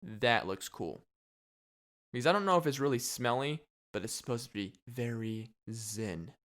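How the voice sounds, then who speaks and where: Young male podcast host, smooth resonant voice, rambling jokey monologue, mid pitch. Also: lively intonation, normal speed, a bit bright. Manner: rambling, joking, laughs often. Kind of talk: casual solo podcast monologue.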